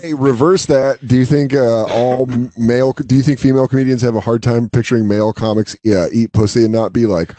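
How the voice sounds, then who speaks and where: Animated man telling stories on a podcast. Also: brisk, hardly any pauses, dry recording. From Alaska, US. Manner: animated storytelling, jumps to high mocking voices for quotes. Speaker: comedian co-host. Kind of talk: casual comedy podcast banter.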